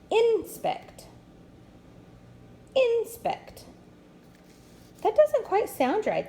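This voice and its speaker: A woman teaching a first-grade phonics lesson, explaining slowly and patiently with upbeat praise. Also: medium pitch, gravelly, darkish tone, slight background noise.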